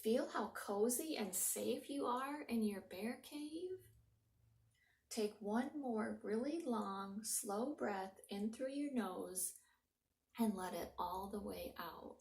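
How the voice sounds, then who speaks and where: Slow, gentle woman leading breathing. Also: mid-range voice, expressive, vocal fry. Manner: soft, slow and encouraging, sometimes dropping to a whisper. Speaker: children's librarian leading a mindfulness story time. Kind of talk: gentle guided breathing lesson for young children. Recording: roomy home recording from a distance.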